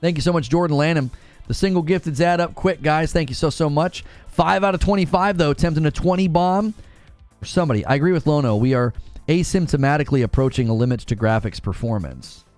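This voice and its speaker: A man's voice: a little high, fast talker, no room sound, faint music behind. A man hosting a live gaming news stream, chatting casually and reading out chat messages. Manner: casual, talks to chat, thanks donors excitedly.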